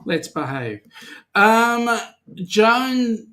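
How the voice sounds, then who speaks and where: A man's voice: high-pitched, sing-song, drawn-out words, bright, forceful tone. A middle-aged Australian man co-hosting a casual live-stream chat, greeting viewers and teasing them, with plenty of ums and uhs. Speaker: co-host of a weekly cruising chat.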